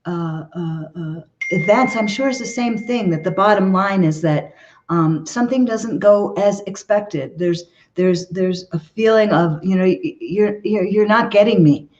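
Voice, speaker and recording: Woman, relationship expert guest, earnest, repeats herself, checks in with "okay?", middling pitch, slightly muffled audio. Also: a little slow, a little mellow. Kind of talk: conversational interview advice.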